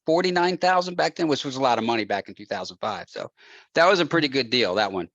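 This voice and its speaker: A man, a real estate investor as guest, telling an animated anecdote with frequent laughs and acted-out quotes. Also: medium pitch, quick pace, dry recording, muffled recording. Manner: laughs often, acts out quotes.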